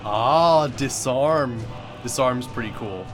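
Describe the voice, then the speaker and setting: A young man giving live gameplay commentary, excitable, laughing and exclaiming often. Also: mid-range voice, normal speed, over music. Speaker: game streamer.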